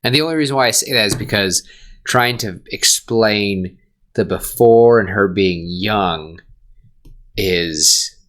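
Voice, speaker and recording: A man co-hosting a podcast in casual comedic chat, animated and rambling. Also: fairly low pitch, slow. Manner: animated, rambling, laughs often. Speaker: podcast co-host.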